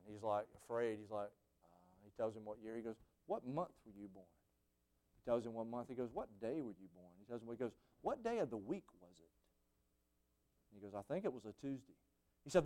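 A male preacher, giving a sermon full of stories. His voice drops low and then bursts out in shouts. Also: animated, fairly quick. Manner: storytelling, swings from hushed to shouting.

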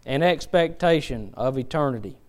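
A young man preaching a sermon, moving from quiet storytelling to rising, fervent appeals. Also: mid-range voice, animated, normal speed.

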